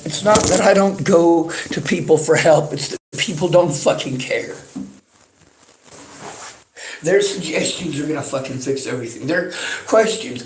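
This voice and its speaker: A man's voice: a little high, slight background noise. A worked-up man streaming from a library, repeating himself in an angry, profane rant at his chat. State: agitated, worked up.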